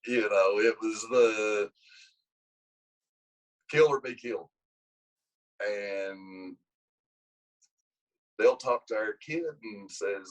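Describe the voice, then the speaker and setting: A wrestling coach tells a long story in an interview, rambling and restarting his sentences often, growing lively when he acts out quotes. His voice is lowish, with drawn-out words and long pauses, on a low-quality recording.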